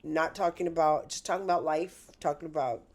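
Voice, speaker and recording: Brief: middle-aged woman, low-pitched, blunt and candid, casual guest chat. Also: fairly quick, a little mellow. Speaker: podcast guest.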